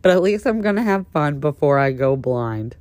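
A woman in her thirties with a low voice tells a story with sass and relish, swinging into animated bursts as she calls her listeners "honey." The sound is dry and close, with no room around her. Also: normal speed, no echo. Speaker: podcast host. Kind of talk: casual storytelling monologue.

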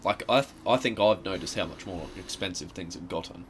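Laid-back young Australian man, low-voiced. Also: a little fast, fairly bright tone, slight background noise. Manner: dry, laconic, teasing replies. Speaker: podcast co-host and son. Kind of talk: casual chat.

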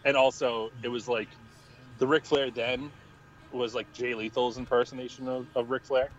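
A man's voice: mid-range voice, level tone, normal speed, dull audio. A young man co-hosting a wrestling podcast in casual chat, rambling and laughing often as he talks. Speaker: podcast co-host.

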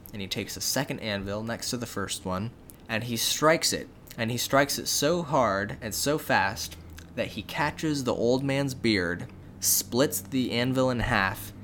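A young man casually retelling a fairy tale as a podcast co-host, with relaxed, jokey asides and frequent fillers. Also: on the low side, slight background noise.

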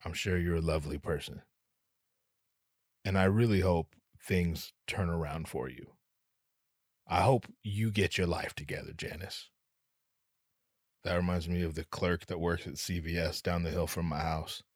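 A man's voice: low voice, steady tone, unhurried, pauses often, no room sound, clean studio sound. A man hosting a podcast, cracking jokes in a casual monologue full of swearing and sudden put-on voices. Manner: profane, joking, slips into voices. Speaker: podcast host.

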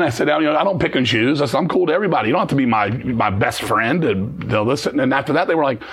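A middle-aged metal musician, interviewed as a guest, has a husky mid-range voice. He tells blunt, profane stories quickly and with lots of swearing, animatedly acting out the voices of the people involved.

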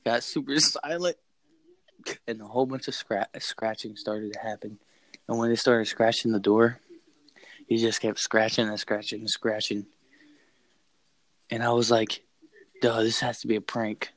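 A young man excitedly telling a scary story in a casual chat, swearing and repeating himself. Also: on the low side, moderate pace, pauses often, no echo, poor audio. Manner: excited, profane, repeats phrases.

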